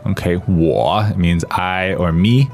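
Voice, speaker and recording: A man's voice: deep voice, takes it slowly, gravelly, darkish tone, faint music behind. A man explaining phrases conversationally in a podcast language lesson. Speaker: language teacher.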